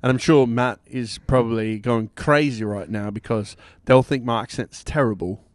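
Medium-pitched and moderately paced, this male podcast host speaks with no echo. He keeps the chat loose, rambling, joking, and leaning on many filler words.

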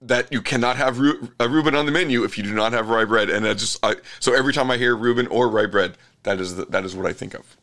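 A man hosting a casual podcast, telling stories in a relaxed, rambling way. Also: medium pitch, fast. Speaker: podcast host.

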